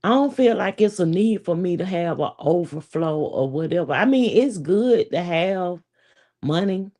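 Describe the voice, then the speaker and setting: A woman's voice: fairly low pitch, expressive, normal speed, dark tone. A woman, telling a story to viewers in a casual, profane, chatty way. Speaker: vlogger.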